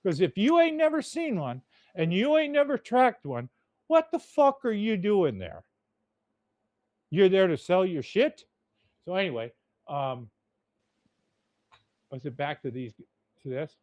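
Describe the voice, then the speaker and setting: Male podcast host, cursing, blunt rambling rant, slightly high voice, dry close sound. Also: very animated, measured pace, pauses often, a little mellow, no room sound. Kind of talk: casual rant.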